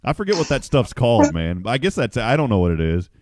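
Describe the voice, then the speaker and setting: A man's voice: mid-range voice, very animated, fast talker, darkish tone. A man hosting a casual morning radio show, chatty and upbeat, greeting listeners by name.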